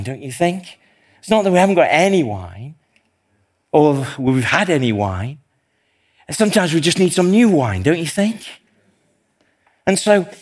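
A man's voice: a little high, a little mellow. Earnest man preaching a sermon. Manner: storytelling, self-deprecating, earnest. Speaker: pastor.

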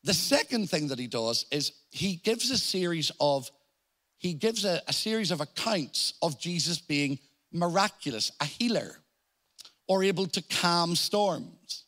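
A man with an Irish accent preaching a sermon, explaining scripture in a deliberate teaching manner and giving quoted lines strong emphasis. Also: fairly high pitch, expressive, sharp tone. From Ireland.

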